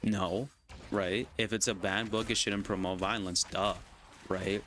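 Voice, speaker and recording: A man's voice: on the low side, steady tone, measured pace, fairly bright tone, a little hiss or hum. A man streaming a game and venting casually. He argues his point and keeps tagging his sentences with "right?" and "you know?". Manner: argumentative, constantly asks "right?" and "you know?". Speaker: gaming streamer. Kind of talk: casual rant while gaming.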